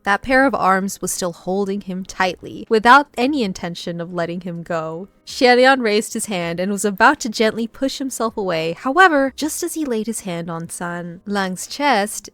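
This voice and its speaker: A woman's voice: mid-range voice, animated, normal speed, few pauses, fairly bright tone, no echo. A woman reading a novel aloud and reacting as she goes. She often laughs, squeals and breaks off mid-sentence.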